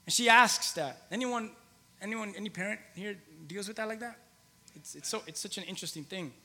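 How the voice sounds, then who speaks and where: A man's voice: sits high, fairly quick, fairly bright tone, slightly rough, in a large hall. A man in his thirties preaching a conversational sermon in a church, repeating phrases for emphasis. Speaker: pastor. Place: church hall with long reverb.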